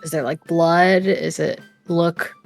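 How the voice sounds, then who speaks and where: A woman with a low-pitched voice playing a tabletop game, firing off questions to the game master. She talks casually, with the odd "uh" and "like". Faint music plays underneath. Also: steady tone, creaky. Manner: inquisitive, rapid questions. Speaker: player.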